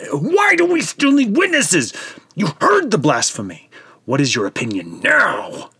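A man doing a commanding high priest in a dramatized scripture reading. He speaks loudly, pitched higher than the narrator's own voice. His tone is demanding and rough, and the recording is dry and close. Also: animated, takes it slowly, dry recording, exaggerated voice. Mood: furious. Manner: loud and demanding. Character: imperious older male high priest.

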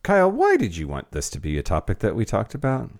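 A man's voice: fairly low pitch, wildly swooping pitch, fast, vocal fry. A man co-hosting a casual podcast, joking and swearing a lot, often restarting his sentences. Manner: profane, joking, lots of restarts. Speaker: podcast co-host.

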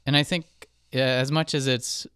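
A man's voice: mid-range voice, steady tone, normal speed, a bit bright, clean tone, no echo, clean studio sound. A man who composes film music, talking casually and thinking aloud with fillers. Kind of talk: casual podcast chat.

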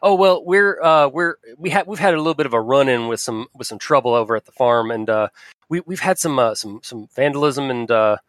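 A man's voice: medium pitch, a bit bright, dry recording, clean studio sound, natural voice. Man doing a hesitant Southern Ohio farmer. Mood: folksy. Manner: halting, hesitant. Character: fifties male farmer, cautious, folksy.

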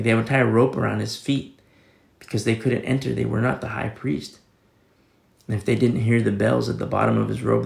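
Here a man preaches in a fairly low, gravelly voice with a darkish tone, and the room is echoey. As a pastor, he reads scripture and unpacks it conversationally, dropping in everyday fillers.

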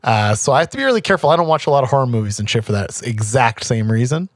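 A man running a tabletop game as game master, excitable and loud, swearing freely in casual chat. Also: medium pitch, rapid-fire, no echo, studio quality.

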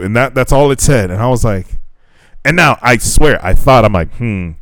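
Fairly quick and clear, this young podcast co-host has a mid-range, resonant voice with no echo. His dating story comes out profane and lively, with him voicing each line of dialogue himself.

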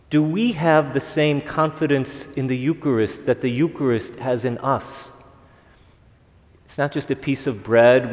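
A man, a priest, giving a conversational homily at an evening Mass, asking the congregation rhetorical questions. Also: medium pitch. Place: church. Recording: long reverb of a church.

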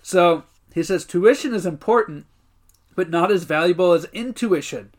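Brief: male podcast co-host retelling episodes in a lively, casual way. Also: high voice, moderate pace. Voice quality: lively storyteller, acts out quotes, swears casually. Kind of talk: casual recap chat.

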